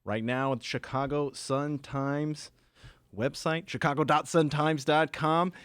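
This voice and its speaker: A man reading a promo for another podcast in a brisk, upbeat way. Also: a little high, fairly even intonation, fairly bright tone, clean tone, no room sound. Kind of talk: promo read.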